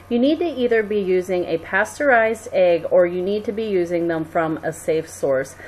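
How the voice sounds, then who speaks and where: Woman calmly walking through a recipe. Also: on the low side, slight background noise. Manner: steady, instructive, friendly sign-off. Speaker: cooking show host. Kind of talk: scripted cooking demonstration.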